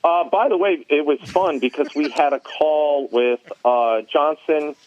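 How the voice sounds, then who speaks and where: A man in casual podcast chat, an animated storyteller recalling his years as an arena announcer. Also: a little high, unhurried. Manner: animated storyteller, laughs at his own tales. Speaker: former arena announcer, guest. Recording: tinny phone line, dry.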